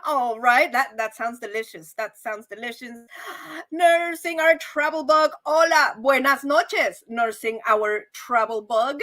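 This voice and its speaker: Bright, high-pitched chatty woman host. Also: unhurried. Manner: animated, chatty, addresses viewers as y'all. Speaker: live stream host. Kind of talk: casual live-stream chat.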